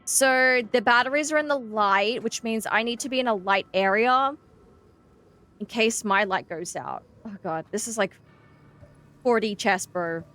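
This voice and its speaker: Bright, chatty Australian woman streamer. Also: on the high side, a little slow, soft background music. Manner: chatty, excitable, greets chat. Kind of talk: casual gameplay stream chat.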